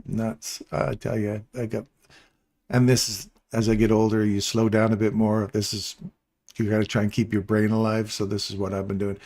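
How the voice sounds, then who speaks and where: A man's voice: fairly low pitch, a little mellow. A middle-aged man hosting a live stream, talking viewers through trades in a chatty, rambling, jokey coaching way. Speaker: trading stream host. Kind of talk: casual live trading walkthrough.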